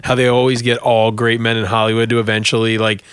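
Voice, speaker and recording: A man's voice: medium pitch, level tone, quick pace, a bit bright, clean tone, no room sound, studio quality. A young man co-hosting a podcast, laid-back and crude, laughing often, talking into a porch mic. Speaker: podcast co-host. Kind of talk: casual chat. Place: porch, outdoors. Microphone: two mics on a porch.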